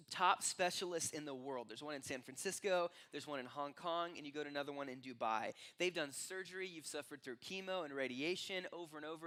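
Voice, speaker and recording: Young guy pastor preaching, kinda high bright voice, acts out the characters in his story. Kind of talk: sermon.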